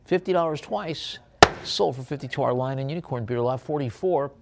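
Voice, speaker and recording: A man's voice: medium pitch, brisk, gravelly, very noisy. A man working as an auctioneer, calling bids and describing artwork lots, with chatty, jokey asides between calls. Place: auction room.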